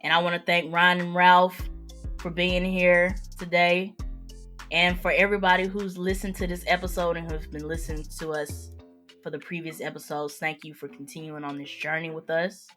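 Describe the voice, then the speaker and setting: A woman's voice: fairly low pitch, flat delivery, moderate pace, fairly bright tone, soft background music. A woman hosting a casual podcast chat, bantering and laughing with her co-hosts. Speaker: podcast host.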